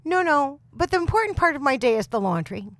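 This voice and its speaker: A woman in her thirties or forties with a very loud voice, co-hosting a podcast and telling a comic story with lots of laughs and exasperation. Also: high voice, sing-song, fast, dry recording. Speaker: podcast co-host. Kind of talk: casual chat, comic storytelling.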